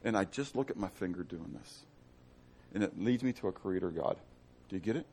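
A man's voice: low voice, lively intonation, brisk, gravelly, a little mellow, a little hiss or hum. A man teaching a conversational Bible study, with joking asides and questions to his class.

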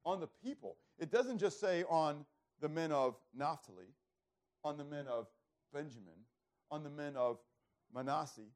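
A man preaching a sermon, throwing rhetorical questions to the congregation and swinging from loud emphasis to hushed, low passages. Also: expressive, unhurried. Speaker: pastor.

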